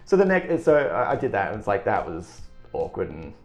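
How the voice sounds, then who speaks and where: A man's voice: lowish voice, very animated, fairly quick, roomy sound, faint music behind. Rambling man in his thirties. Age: 30s. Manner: rambling, self-deprecating, frequent restarts and swearing. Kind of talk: casual storytelling.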